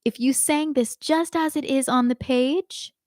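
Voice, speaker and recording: A woman teaching a live online singing lesson, explaining slowly and singing short examples. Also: sits high, steady tone, over music.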